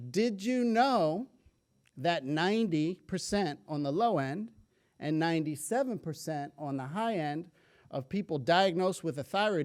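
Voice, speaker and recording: A man with a fairly high voice speaks to an audience from a stage. He delivers his talk as a story, full of humorous asides, with lively energy. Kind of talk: public health talk.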